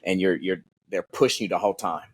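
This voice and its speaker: Male podcast guest, husky tone, animated and profane storyteller. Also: sits low, fairly quick. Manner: animated, profane, acts out voices in his stories. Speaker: podcast guest, former Navy SEAL. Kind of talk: casual storytelling in an interview.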